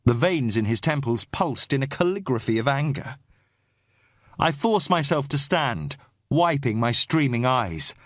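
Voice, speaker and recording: Dry, measured male audiobook narrator. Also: mid-range voice, very animated, a bit bright, dry recording. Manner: measured, tense storytelling. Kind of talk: first-person audiobook narration.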